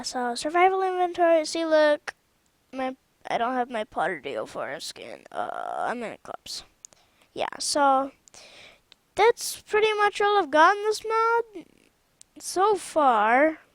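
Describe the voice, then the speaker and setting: A channel host shows off a game mod she made, commenting on the gameplay slowly and loosely in a high, fairly bright voice. She rambles and frequently breaks off mid-sentence to correct herself, recorded dry and close without room echo.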